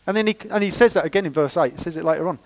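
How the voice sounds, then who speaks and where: A man preaching a sermon in church, lively and conversational with playful asides. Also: on the high side, racing, rough recording. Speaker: pastor.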